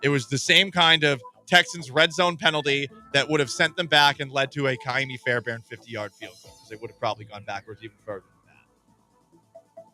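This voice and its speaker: A man hosting a sports radio show, animated and jokey, reading listener comments aloud in casual chat. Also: medium pitch, fairly quick, faint music behind.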